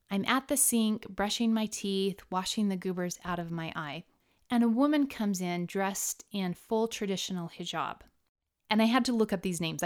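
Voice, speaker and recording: A middle-aged woman from the United States hosting a podcast, telling travel stories in a calm narration and explaining words and pronunciations. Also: medium pitch. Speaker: podcast host. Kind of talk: scripted storytelling narration.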